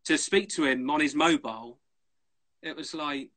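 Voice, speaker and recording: A man's voice: on the high side, moderate pace, a bit bright. A man, a blogger, chatting eagerly and a little nervously on a live video call. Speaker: blogger, interviewer. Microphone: phone on a live video call.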